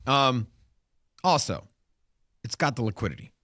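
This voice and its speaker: A man co-hosting a casual crypto talk show, animated and rambling with restarts and fillers. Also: medium pitch, measured pace, dry recording, studio quality. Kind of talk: casual chat.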